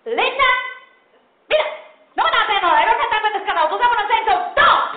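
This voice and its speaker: A comedian voicing her excitable Puerto Rican mother, who speaks English with a Puerto Rican accent and drops Spanish words in. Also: high-pitched. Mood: yelling. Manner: rapid, mixes Spanish into English. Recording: echoey, tinny, noisy club sound.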